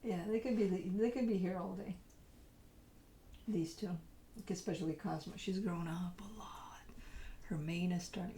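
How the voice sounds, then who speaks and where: A woman's voice: fairly low pitch, fairly even intonation, measured pace, vocal fry, darkish tone, reverberant. A woman who hosts tarot readings, chatting at home and cooing at her dogs in baby talk, laughing often and sometimes dropping to a whisper. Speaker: tarot reader host. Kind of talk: casual chat talking to her dogs.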